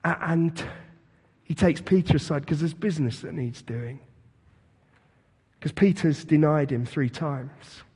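A man preaching a sermon as pastor, retelling scripture as a vivid, animated story. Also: on the high side, a little slow, slightly rough, long reverb tail. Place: church.

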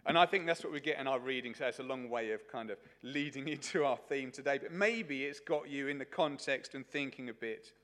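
A man's voice: mid-range voice, brisk, hardly any pauses, a bit bright. A man preaching a sermon at a church service, telling a story in a chatty way with many fillers.

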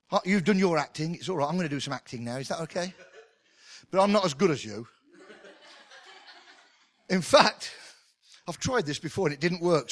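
A middle-aged man preaching a sermon in an animated, conversational way with touches of humour. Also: on the high side. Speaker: pastor.

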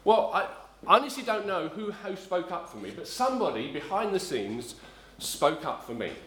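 A man's voice: sits high, big pitch swings, normal speed, fairly bright tone, echoey room. A middle-aged man from south-east London preaching a sermon, telling a rambling personal story with many ums and restarts. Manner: rambling, self-correcting storyteller, frequent ums.

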